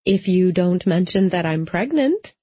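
Give me a woman voicing a sarcastic young heroine with a husky, dry voice. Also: on the low side, animated, slow, dark tone, dry recording, full character voice. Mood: wry. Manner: sarcastic, snappy. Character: sharp-tongued young pregnant woman. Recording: slightly dull lo-fi.

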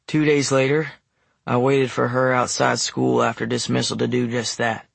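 A man narrating an audiobook in the first person, measured and wry. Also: mid-range voice, level tone, creaky, no echo.

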